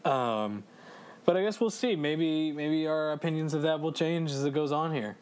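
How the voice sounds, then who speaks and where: A man co-hosting a casual video game chat, excitable, swearing freely and laughing often. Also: fairly high pitch, moderate pace, smooth. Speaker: let's play co-host.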